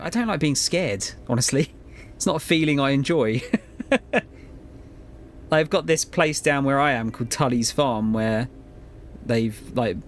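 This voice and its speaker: A man's voice: medium pitch, slight background noise. Laid-back man rambling on stream. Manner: rambling, laid-back, swears and laughs often. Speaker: game streamer. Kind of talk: casual live-stream chat while gaming.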